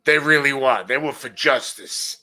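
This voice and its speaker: A man's voice: mid-range voice, moderate pace, bright, forceful tone. A middle-aged man hosting a casual monologue show, blunt and opinionated, often repeating his points. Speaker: show host.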